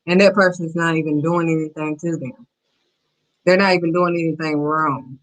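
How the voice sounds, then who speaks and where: A woman's voice: low-pitched, fairly even intonation, normal speed, low-quality recording. Emphatic woman preaching faith advice. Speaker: host.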